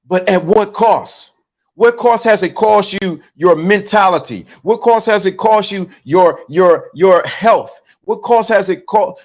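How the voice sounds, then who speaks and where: High-voiced man preaching to his channel. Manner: preachy, repetitive, restarts and stumbles often. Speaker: channel host. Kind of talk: livestream commentary. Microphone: phone.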